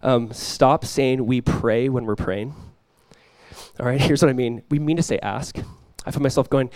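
A man's voice: mid-range voice, normal speed, darkish tone, no echo. A young adult male pastor giving a conversational sermon, joking and acting out little quotes.

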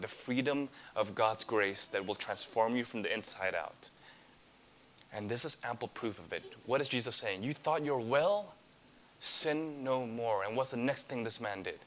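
A man's voice: lowish voice, moderate pace, a bit bright, slight background noise. Earnest male preacher with rhetorical questions. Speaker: pastor. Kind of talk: sermon.

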